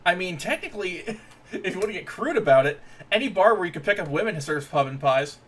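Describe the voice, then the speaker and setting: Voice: medium pitch, animated, a little fast. A podcast host in a casual chat, making crude jokes and laughing often.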